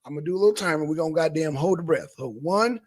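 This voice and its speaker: A man doing loud, animated political commentary on a live stream, with theatrical gasps and mock panic. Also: a little high, very fast. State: dizzy, out of breath after holding breath. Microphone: camera mic.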